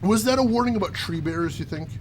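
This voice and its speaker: A man's voice: high voice, expressive, fast talker, slight background noise. A man hosting a let's play, giving wry, joking running commentary as he plays. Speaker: gaming channel host.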